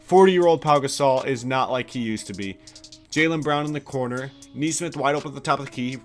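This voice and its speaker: A young man giving excited play-by-play commentary over a basketball video game, hyping big plays, sometimes yelling and casually swearing. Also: mid-range voice, brisk, faint music behind. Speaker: gaming YouTuber.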